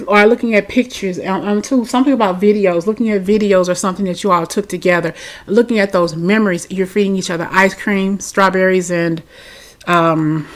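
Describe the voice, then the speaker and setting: A woman giving a tarot reading, talking straight to her viewers in a chatty, reassuring way and often tagging lines with "okay?" and "you know". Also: mid-range voice. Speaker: tarot reader. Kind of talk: tarot reading talk to camera.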